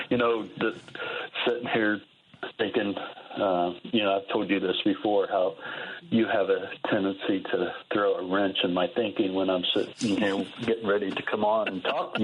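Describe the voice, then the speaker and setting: A man's voice: fairly low pitch, dull audio, slight background noise. A male regular radio contributor calling in, chatting in a rambling, hesitant way with many fillers. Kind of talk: casual call-in chat.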